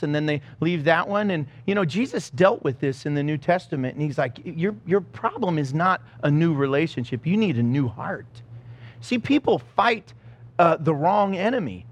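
High-voiced animated preacher man. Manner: animated storytelling, self-mocking, acts out the scenes. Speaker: pastor. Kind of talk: sermon.

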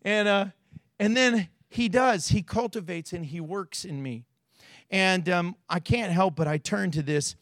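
Man preaching, high voice, bright tone, dry sound, animated, acts out quotes. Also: unhurried, dry recording, faint music behind. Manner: animated preaching, acting out quotes with big swings in voice. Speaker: pastor. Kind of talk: sermon. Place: church.

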